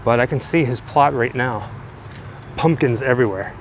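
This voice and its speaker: A man's voice: mid-range voice, moderate pace. Man narrating an outdoor walking-tour vlog. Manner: enthusiastic, chatty guide. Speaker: travel vlogger. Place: outdoors in a cemetery by a busy road. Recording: outdoor street noise, passing traffic. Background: faint cars and trucks.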